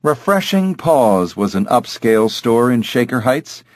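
A man reading scripted audiobook narration in a measured, even way. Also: medium pitch, no echo.

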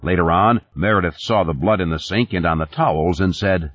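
A man narrating an audiobook in a measured, expressive way. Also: low-pitched, no room sound. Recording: dull lo-fi audio.

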